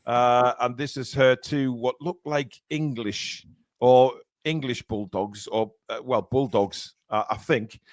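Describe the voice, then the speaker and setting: A man's voice: medium pitch, steady tone, slow pace, dry recording. Chatty man, dry mic. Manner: rambling, many fillers. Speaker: stream host reading super chats. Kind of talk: casual live-stream chat.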